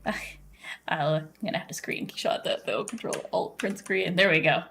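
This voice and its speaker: A woman's voice: on the low side, normal speed, creaky, fairly bright tone, a little hiss or hum. A woman game streamer chatting casually with her viewers and teammate while she plays, bubbly and full of fillers and frequent laughter. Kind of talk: casual live-stream chat while gaming.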